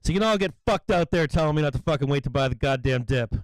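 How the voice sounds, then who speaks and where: A man hosting a live stock-market stream, swearing freely and explaining chart levels, with bursts of excited yelling. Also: fairly high pitch, quick pace, dry recording, rough recording. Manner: profane, excitable, yelling at times. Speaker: stock market livestream host. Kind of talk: live trading commentary.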